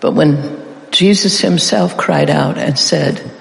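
A preacher delivering a slow, deliberate sermon with a gravelly edge, drawing the congregation in with call-and-response. The voice carries long reverb from a big church hall. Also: medium pitch, expressive. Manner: dramatic pauses and emphasis.

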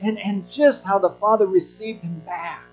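A man preaching a sermon from a church, earnest and building to forceful high moments. The sound is a little muffled, with a soft plucked guitar playing underneath. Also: fairly even intonation, moderate pace. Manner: earnest, rising to emphatic peaks. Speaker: pastor.

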